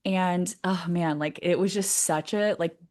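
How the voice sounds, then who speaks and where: A woman guest on a podcast, telling a personal story in a lively, chatty way and laughing often. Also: fairly low pitch, measured pace. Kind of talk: casual interview storytelling.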